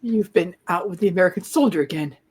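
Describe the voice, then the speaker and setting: A woman's voice: on the low side, fast, darkish tone, husky. A woman voicing a bitter German woman who scolds in a reproachful comic-book reading.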